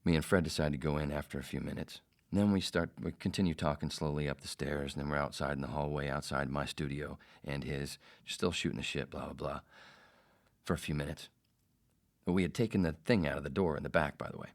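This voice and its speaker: A man's voice: a bass voice, fairly even intonation, a little fast, vocal fry. A man hosting a podcast, telling a rambling, profane story in a casual way. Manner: rambling, profane, self-interrupting. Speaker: podcast host.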